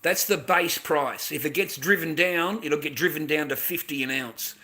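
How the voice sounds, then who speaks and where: A man's voice: fairly high pitch, moderate pace, bright, forceful tone. An Australian man ranting in a casual, blunt way, swearing a lot and repeating "mate". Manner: blunt, repetitive, swearing, keeps adding "mate". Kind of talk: casual profane rant.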